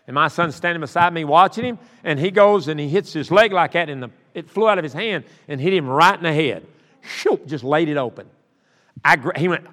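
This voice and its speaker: Folksy pastor in an echoing church. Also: male voice, fairly high pitch, bright, forceful tone. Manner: folksy, rambling, with many restarts. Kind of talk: sermon with storytelling. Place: church sanctuary. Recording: long church reverb.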